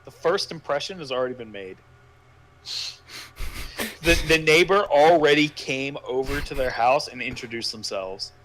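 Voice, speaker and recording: A man's voice: mid-range voice, normal speed, long pauses, fairly bright tone, a little hiss or hum. A man giving sarcastic, exasperated commentary while reading a story aloud with a co-host, often swearing. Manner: mocking, profane, exasperated.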